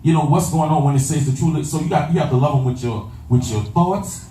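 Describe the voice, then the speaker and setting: A man's voice: a little high, fast talker, dark tone. A man preaching a sermon, repeating phrases and asking the congregation if they follow him. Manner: call-and-response, repeats phrases, asks "you understand that?". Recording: echoey room from far off with faint ambience.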